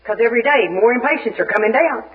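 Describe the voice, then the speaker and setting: A woman from Little Rock, Arkansas, spins a funny personal story for a recovery meeting. She acts out each scene with lively, comic timing. The sound is a dull, muffled archive tape. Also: a little high, quick pace. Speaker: speaker at a recovery fellowship meeting. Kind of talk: humorous personal storytelling share.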